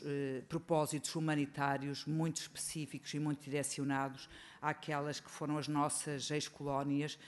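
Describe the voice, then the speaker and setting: A man gives a formal welcome speech in a parliament chamber, in a flat, slightly high voice. His delivery is halting, with many hesitation fillers. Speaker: politician.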